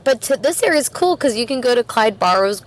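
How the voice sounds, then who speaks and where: A woman's voice: a little high, animated, fairly quick, a little hiss or hum. A woman from Canada, a podcast guest, talking in a rambling, chatty way with plenty of fillers and laughter. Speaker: podcast guest, record store worker. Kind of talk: casual interview chat.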